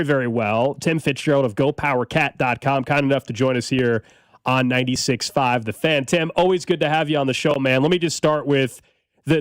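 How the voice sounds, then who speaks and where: A man hosting a sports radio show, talking casually and rambling with quick restarts. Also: medium pitch, no echo. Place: radio studio.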